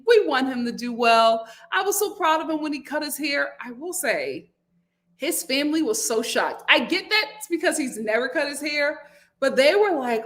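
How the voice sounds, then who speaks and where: A young adult woman hosting a live reality TV review from home, chatting animatedly and reading viewer comments aloud. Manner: chatty and animated, jumps to high-pitched exclamations and acted quotes. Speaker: host. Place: home room, lit by a window.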